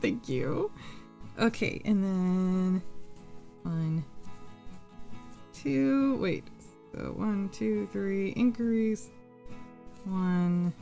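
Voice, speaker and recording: A woman's voice: fairly high pitch, creaky. A woman from the US Pacific Coast hosting a crochet livestream, chatting with viewers, giggling, swearing freely and counting stitches under her breath. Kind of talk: casual chat while crocheting, reading chat aloud.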